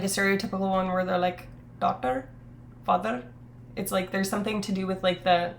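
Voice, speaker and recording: A woman's voice: fairly low pitch, creaky, fairly bright tone, slight background noise. A woman streamer chatting casually on a live stream, rambling with lots of fillers and self-corrections, reading her chat aloud. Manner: reads chat aloud and reacts.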